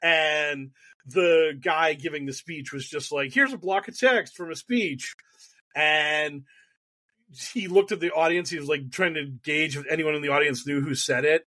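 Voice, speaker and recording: Podcast co-host, male, rambling and excitable, slightly high, dry mic. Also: measured pace, no echo. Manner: rambling, excitable, laughs often. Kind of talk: casual chat. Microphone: studio mic.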